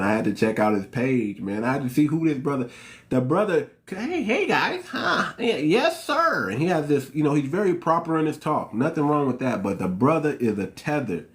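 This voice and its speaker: A man from the United States hosting his channel, talking straight to his viewers in an emphatic, slangy commentary that repeats its points. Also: mid-range voice. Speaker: channel host. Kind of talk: unscripted commentary monologue.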